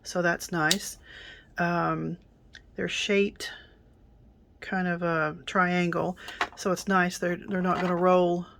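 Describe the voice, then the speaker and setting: Casual middle-aged woman, lower-pitched and slow, chatty craft reviewer. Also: flat delivery, vocal fry, noisy background. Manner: chatty, many ums, soft asides. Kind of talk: casual unboxing demo.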